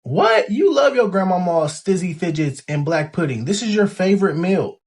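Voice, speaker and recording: A man's voice: high-pitched, animated, normal speed, a little mellow. A man playing an indignant British grandmother who is shocked that her cooking is being rejected, in a comedy sketch. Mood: outraged. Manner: outraged, incredulous.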